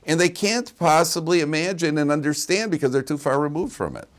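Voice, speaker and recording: A man's voice: a little high, expressive, a little fast. A man teaching a Torah class as a rabbi. He tells funny anecdotes, asks rhetorical questions, and quotes Hebrew verses.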